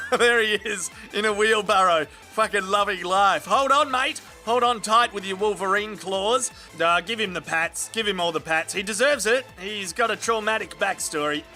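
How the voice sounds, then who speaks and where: An energetic Australian man narrates animal clips with cheeky, sweary jokes. His voice is high and very bright, and faint music plays behind him. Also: moderate pace. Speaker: comedy video narrator.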